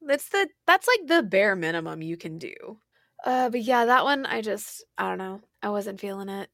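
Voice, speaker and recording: A woman's voice: medium pitch, animated, moderate pace, creaky, a bit bright, no echo, studio quality. A woman co-hosting a podcast in casual chat, reacting with wry humor. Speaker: podcast co-host.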